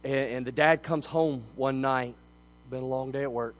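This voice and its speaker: A man preaching a sermon as a pastor. He delivers it emphatically, swinging between quiet stretches and loud ones. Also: medium pitch, fairly even intonation, normal speed, poor audio.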